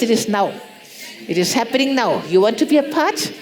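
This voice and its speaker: Woman preaching with lively emphasis. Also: fairly high pitch, a little fast. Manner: lively, repeats rhetorical questions; acts out prayers in soft pleading tones. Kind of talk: sermon.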